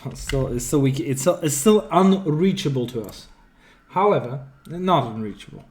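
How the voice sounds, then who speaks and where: A man's voice: medium pitch, lively intonation, normal speed, a little mellow. A man streaming a video game, thinking aloud and swearing freely in casual commentary.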